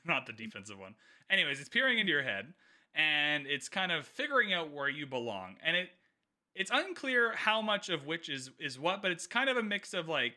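A man's voice: on the high side, bright, forceful tone. A young man co-hosting a casual book podcast, rambling with lots of fillers and restarts. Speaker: podcast co-host.

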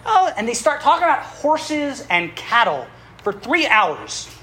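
A woman teaching a class on Jewish history, telling stories in an animated way with frequent chuckles and restarts. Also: a little high, measured pace. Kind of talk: classroom lecture with storytelling. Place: classroom with students.

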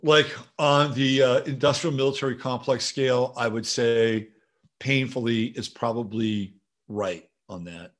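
A male host talks through viewer comments on a live show, wandering from point to point in a loose, conversational ramble. He swears casually and thinks out loud. His voice sits at an ordinary middle pitch for a man. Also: fairly even intonation, unhurried. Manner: rambling, casual and profane, musing aloud. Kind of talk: livestream talk reading viewer comments.

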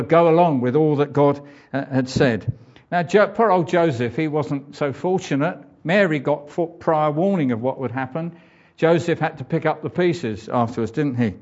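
A man's voice: a little high, darkish tone. An older man preaching a conversational sermon, reading scripture aloud and reflecting on it. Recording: dull lo-fi church recording.

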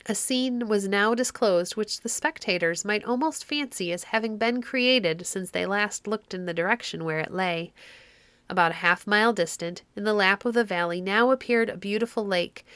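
A woman narrating a classic storybook in a measured, expressive reading. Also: medium pitch, no echo. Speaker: audiobook narrator.

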